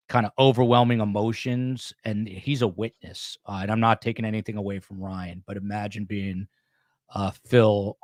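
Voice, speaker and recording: A man's voice: lowish voice, dry recording, studio quality. A man hosting a podcast interview, supportive and conversational, with frequent fillers. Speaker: podcast host.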